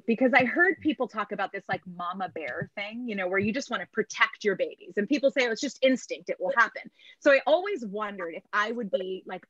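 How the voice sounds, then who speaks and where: A woman in her thirties doing a stand-up set over a video call, animated and punchy, stretching her punchlines. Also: mid-range voice, no echo, dull audio. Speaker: stand-up comedian. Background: laughter from viewers.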